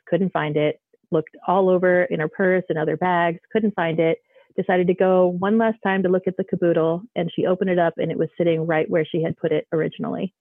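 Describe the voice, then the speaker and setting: A woman's voice: fairly low pitch, no echo. Woman caller on a tinny phone line. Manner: rambling with many fillers and restarts. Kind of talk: casual storytelling. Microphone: phone call.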